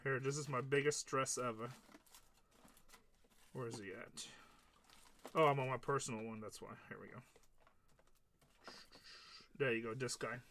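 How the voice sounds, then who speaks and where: A man's voice: medium pitch, fairly even intonation, a little slow, pauses often, fairly bright tone, a little hiss or hum. A man hosting a live card-break stream, chatting casually and retelling stories of his conversations with customers.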